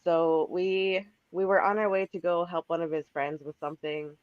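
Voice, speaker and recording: A woman's voice: on the low side, steady tone, normal speed, clean tone, no echo. A woman calling into a podcast with a sick voice, telling a story in a chatty way and laughing between sentences. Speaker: caller. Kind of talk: casual storytelling. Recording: dull lo-fi call-in line.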